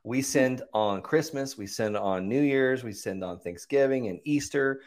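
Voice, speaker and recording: A man's voice: medium pitch, unhurried. A man, a land investor, chatting as a podcast guest, walking through numbers and acting out angry callers. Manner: animated storyteller, acts out callers' voices. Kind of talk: casual podcast interview.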